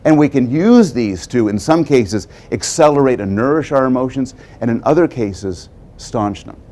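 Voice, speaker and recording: A man's voice: mid-range voice, lively intonation, moderate pace, dark tone. A man giving a prepared public lecture, telling stories wryly and posing rhetorical questions.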